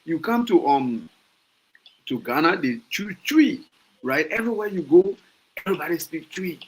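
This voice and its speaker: A man's voice: fairly high pitch, sing-song, normal speed, rough recording. A Liberian man with a Liberian accent talking casually on a podcast, passionate, often restarting phrases and asking rhetorical questions. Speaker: podcast host. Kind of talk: casual opinion talk.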